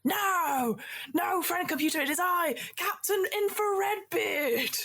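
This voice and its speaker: A woman voicing a blustering, defiant male pirate captain who shouts drawn-out proclamations. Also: very high-pitched, voice pushed up, heavily acted.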